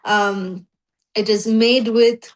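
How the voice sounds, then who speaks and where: A woman's voice: mid-range voice, very slow. A woman teaching a scripture class, telling the story animatedly with many 'you know' fillers. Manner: animated storytelling, acting out voices.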